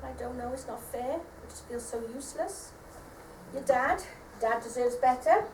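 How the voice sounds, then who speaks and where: Woman acting weary tearful mum, soft hesitant speech, echoey theatre heard from afar. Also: sits high, normal speed, close to an everyday voice. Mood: despairing. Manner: soft, hesitant, self-deprecating. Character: weary depressed mother, tearful and self-doubting. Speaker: amateur stage actor. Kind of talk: live stage drama. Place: theatre stage. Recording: echoey theatre stage from far off, faint noise.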